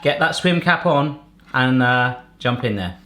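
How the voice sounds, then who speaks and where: A man from England hosts a home cooking show, joking and chatting as he works. His pitch swings widely and lively from line to line. The talk stays loose and playful. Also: measured pace. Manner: playful, jokey, animated. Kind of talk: casual cooking chat. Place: home kitchen.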